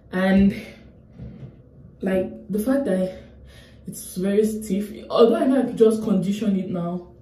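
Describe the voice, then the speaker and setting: A young woman from Nigeria talks straight to her viewers in a loose, emotional ramble. Her voice is mellow and warm. The sound carries a noticeable echo of a room at home. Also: medium pitch. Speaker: vlogger. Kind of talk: casual chat to camera.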